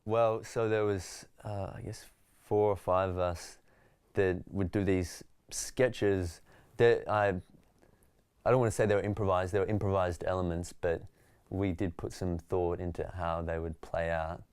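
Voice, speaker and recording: Deep-voiced Australian man telling stories. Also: unhurried, clean tone, dry recording. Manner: relaxed, storytelling, reflective. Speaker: stand-up comedian, guest. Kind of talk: interview conversation.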